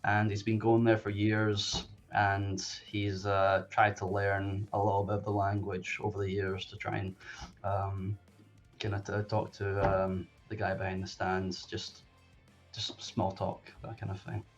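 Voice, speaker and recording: Halting, low-voiced man, lo-fi sound. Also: monotone, faint music behind. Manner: halting, many fillers. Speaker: player. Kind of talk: describing his character in a tabletop game. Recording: dull lo-fi sound.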